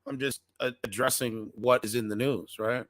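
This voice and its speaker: A man's voice: medium pitch, steady tone, normal speed, dry recording. A man hosting a casual commentary channel, reading news articles aloud with slangy asides, stumbling over words and repeating defensive disclaimers.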